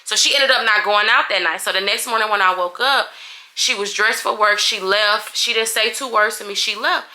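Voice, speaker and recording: A young adult woman vlogger telling a heated story in a casual, animated, profane way. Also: mid-range voice, moderate pace. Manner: animated, profane, acts out everyone's lines.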